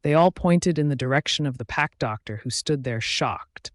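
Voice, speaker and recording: A man's voice: mid-range voice, normal speed, no room sound, clean studio sound. A man narrating a first-person werewolf romance story in a dramatic storytelling reading.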